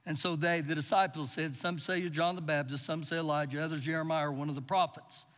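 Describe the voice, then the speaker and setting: In a live church service captured with long reverb, a pastor delivers an expository sermon, reading verses and dramatizing quotes with emphasis. His voice sits on the high side and is a bit bright, moving fast with fairly even intonation.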